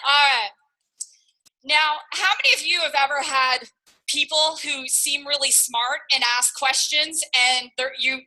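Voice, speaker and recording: A woman in her forties coaches a live audience in a talk. Her voice is high and very bright, and her delivery is energetic, direct and pushy. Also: rough recording. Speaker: sales team coach.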